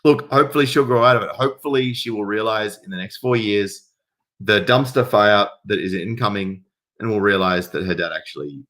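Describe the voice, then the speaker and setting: Bright-toned man ranting. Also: fairly low pitch, fairly quick. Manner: swearing, rants loudly in bursts. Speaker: commentary host reading stories. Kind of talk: casual reaction commentary.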